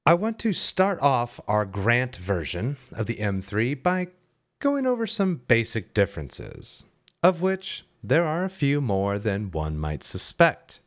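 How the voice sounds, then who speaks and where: A man's voice: medium pitch, huge pitch swings, measured pace. A man hosting a solo history podcast, talking through the subject with wry, jokey asides. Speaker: podcast host.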